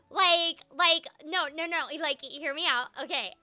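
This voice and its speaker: A bubbly young woman chatting through a video game, her voice high and strikingly bright. She giggles a lot and leans on "like" as she talks. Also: slow pace, soft background music. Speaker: voice actor streaming a game. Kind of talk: casual gameplay commentary.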